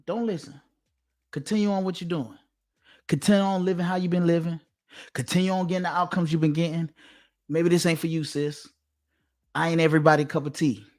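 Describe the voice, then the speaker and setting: Man, preachy monologue, emphatic, sermon-like cadence, somewhat high voice. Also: steady tone, brisk, pauses often. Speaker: online commentator. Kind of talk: preachy direct-to-camera monologue.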